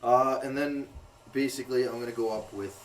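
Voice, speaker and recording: A man playing a tabletop game talks casually and thinks aloud, pausing often. His voice sits at a middle pitch. The mic picks him up from a distance. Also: fairly even intonation, slight background noise. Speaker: player.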